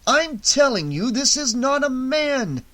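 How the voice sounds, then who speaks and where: A man's voice: very high voice, very animated, slow pace, sharp tone, voice pushed up, heavily acted. A man voicing a tense, obsessed psychiatrist who speaks urgently and anxiously in an audiobook reading. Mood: insistent. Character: haunted middle-aged male psychiatrist, tense and obsessed.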